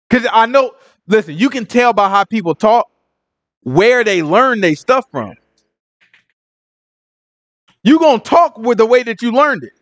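A man teaching Bible study in casual, animated commentary, full of slang and "you know what I'm saying". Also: very high voice. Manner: animated and joking.

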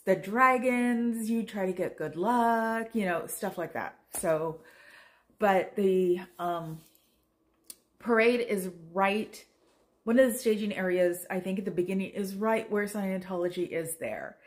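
A tired middle-aged woman from Oakland, California, rambles casually for her vlog in a medium-pitched voice, speaking a little slowly. Her chat meanders and leans self-deprecating.

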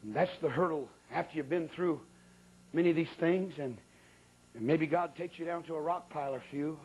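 A man's voice: on the high side, brisk, a little mellow, slightly rough, rough recording. A man preaching a sermon who tells a funny story about his own misfortunes in a folksy, colloquial way with sudden exclamations.

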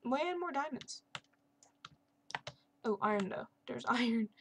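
A woman's voice: on the high side, animated, slow pace, a little hiss or hum. A young woman casually commenting over her Minecraft gameplay, chatty and sarcastic with self-mocking asides. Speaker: gaming channel host. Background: keyboard and mouse clicks.

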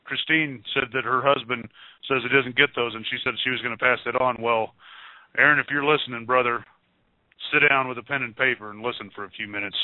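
A man on a call-in show, telling a religious testimony in a rambling, excited way with many restarts. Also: mid-range voice, fairly quick, no room sound. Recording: tinny phone-line radio sound.

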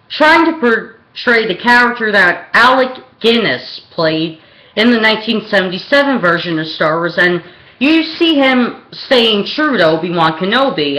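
Slow, rambling young vlogger, echoey room. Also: mid-range voice, sharp tone. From Pennsylvania, USA. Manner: rambling, hesitant, with many ums and restarts. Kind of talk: opinionated film rant.

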